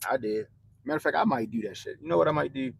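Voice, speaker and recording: A young man hosting a livestream, ranting bluntly and profanely about politics to his chat in animated slang. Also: mid-range voice, very fast, vocal fry, husky, low-quality recording. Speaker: livestream host.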